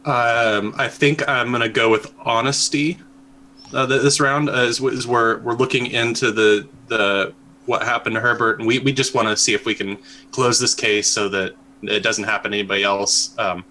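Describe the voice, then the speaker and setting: A man's voice: mid-range voice, fairly even intonation, moderate pace, bright, forceful tone, a little hiss or hum, rough recording. A man playing a tabletop role-playing game, talking hesitantly with many fillers. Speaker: player.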